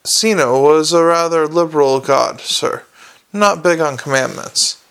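A man's voice: a little high, unhurried, creaky, a bit bright, clear, resonant tone. A man reading an audiobook, voicing a prim, pious young constable who speaks earnestly and reproachfully.

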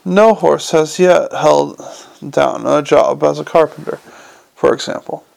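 A man voicing a dry, pedantic old zombie lawyer in a slow, formal, gravelly hushed voice. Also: on the high side, fairly even intonation.

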